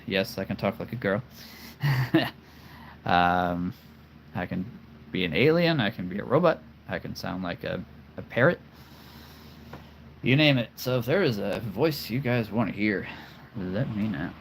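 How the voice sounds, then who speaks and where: A man with a lowish voice chats unhurriedly on a casual livestream, full of enthusiasm and given to saying things twice. A faint hiss of noise sits under the recording. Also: animated, a little slow, creaky, long pauses, poor audio. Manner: enthusiastic, repeats phrases, chuckles often. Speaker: host showing his toy figure collection.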